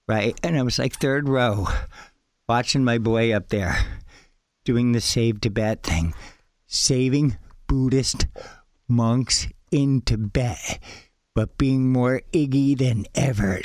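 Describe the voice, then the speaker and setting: A man being interviewed, telling rambling, excited stories, a little out of breath. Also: medium pitch, dry recording, clean studio sound. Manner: enthusiastic, rambling, says "dude" a lot. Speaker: guest, store owner. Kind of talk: animated storytelling interview.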